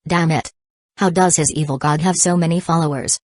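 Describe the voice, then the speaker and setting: A woman reading the lines of a brash, impatient zealot man in a low, dry voice, with blunt, snapping demands. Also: steady tone, fairly quick, darkish tone, no echo. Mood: defiant.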